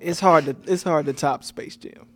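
A man's voice: fairly high pitch, moderate pace. A man from Alabama with a Southern accent, a guest talking in a laid-back way in casual chat and stumbling a bit as he starts sentences. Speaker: guest, screenwriter and director.

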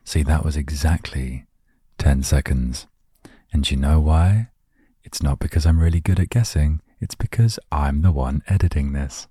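A man hosting a calm show from inside his van, talking softly into a close microphone in a gentle, meandering, self-mocking way. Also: very deep voice, normal speed, husky, no echo. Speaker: host of a relaxation word show. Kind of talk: soft, rambling relaxation talk. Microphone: studio microphone, close.

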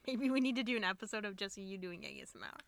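A playful woman co-hosting a casual podcast chat. She giggles easily and trips over unfamiliar words with good humor, and her pitch sits right in the middle. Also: quick pace, fairly bright tone, clear, resonant tone. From USA. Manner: giggly, playful, struggles with pronunciation. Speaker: podcast co-host.

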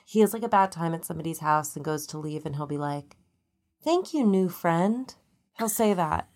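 A woman in her thirties co-hosts a podcast in loose, casual chat. Her voice sits low and is coated in vocal fry, with constant "like" fillers. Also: quick pace. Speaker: podcast co-host.

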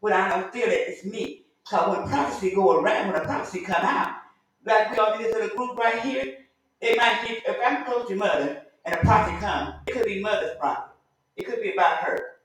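A woman's voice: mid-range voice, brisk. Woman teaching sunday school, chatty and folksy, mic far off, room full of echo. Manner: conversational, folksy, acts out quoted voices. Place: church room.

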